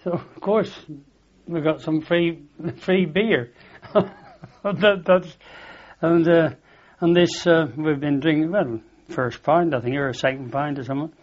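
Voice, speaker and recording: A man's voice: fairly high pitch, unhurried, a little mellow. An older man with a Lancashire accent tells a long rambling story in a chatty interview, repeating "I said" and laughing at his own tale. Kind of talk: rambling anecdotal reminiscence. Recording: dull lo-fi recording.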